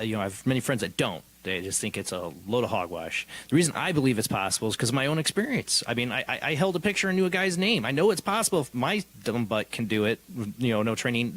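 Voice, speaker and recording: A male host asks his guest curious questions. He stammers and restarts often, in a relaxed, casual way. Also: mid-range voice, low-quality recording. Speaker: podcast host. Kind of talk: casual interview.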